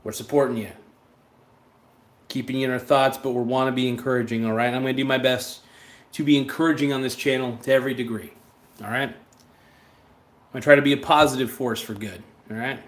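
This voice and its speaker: Male stream host, mid-pitched, casual and rambling, blunt with chat. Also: a bit bright. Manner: rambling, blunt, reads viewer chats aloud. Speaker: livestream host.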